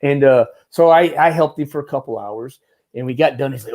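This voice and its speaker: This ex-Marine, now a stuntman and advisor, is a fast talker with a mid-range voice. In an interview he tells casual, rambling stories with energy, acting out the voices of the people involved.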